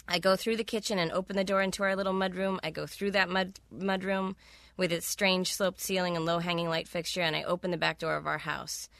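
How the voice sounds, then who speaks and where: A woman's voice: lowish voice, level tone, a little fast, gravelly, a bit bright, no room sound. A woman author reading a wry, candid first-person passage from her own novel on a close studio mic.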